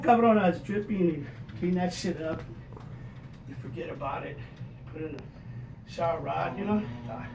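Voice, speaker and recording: A man in his fifties doing a stand-up comedy set, telling profane, loud, animated stories. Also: high-pitched. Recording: echoey room, mic heard from a distance, noisy.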